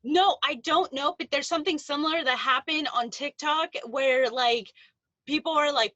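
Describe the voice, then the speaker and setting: An American woman co-hosting a podcast in excitable casual chat. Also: high voice, moderate pace, no echo, lo-fi sound. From United States. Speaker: podcast co-host.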